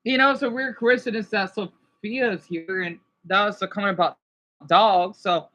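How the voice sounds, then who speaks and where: Man streaming, bright tone, halting rambling talk, restarts a lot, sympathetic to chat. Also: high-pitched, steady tone, poor audio. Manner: sympathetic and emotional. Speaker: livestreamer reading chat. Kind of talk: casual livestream chat.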